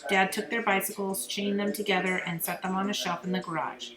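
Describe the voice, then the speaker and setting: A woman reading a children's novel aloud with expressive storytelling. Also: medium pitch, a little fast. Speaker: reader. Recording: roomy echo, crowd murmur behind.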